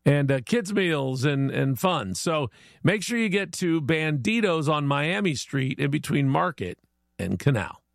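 A man's voice: on the high side, sing-song, unhurried, gravelly, dry recording, studio quality. A man hosting a casual morning show, folksy and chatty, plugging local spots and telling a joke of the day. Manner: folksy, chatty, laughs easily. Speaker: radio show host.

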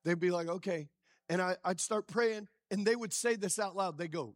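A male pastor preaching a sermon with lively call-and-response, quizzing the congregation as he goes. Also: high voice, a little fast, no room sound, studio quality. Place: church.

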